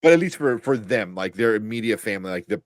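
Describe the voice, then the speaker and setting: A man's voice: on the low side, lively intonation, fast talker, dry recording, studio quality. A man co-hosting a live show, talking casually with many fillers and restarts and laughing often. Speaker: podcast co-host reading chat. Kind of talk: casual live-stream chat.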